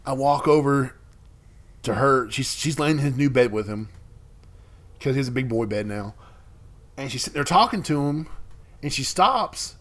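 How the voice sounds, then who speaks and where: A man's voice: medium pitch, expressive, unhurried, pauses often, fairly bright tone. A man co-hosting a podcast in casual chat, rambling, trailing off mid-sentence and laughing often. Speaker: podcast co-host.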